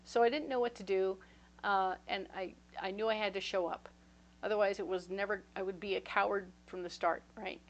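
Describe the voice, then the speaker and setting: A woman's voice: medium pitch, fairly even intonation, fairly quick, dull audio. A woman giving a casual tarot reading, chatty and reassuring, checking in with her listeners as she talks. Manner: storytelling with acted-out voices. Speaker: tarot reader.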